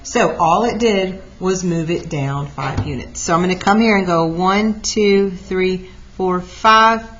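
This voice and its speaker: A woman teacher walking through a math lesson out loud, lively and talking through each step. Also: lowish voice, a little slow, slight background noise. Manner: lively, talks through steps aloud. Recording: dull lo-fi recording.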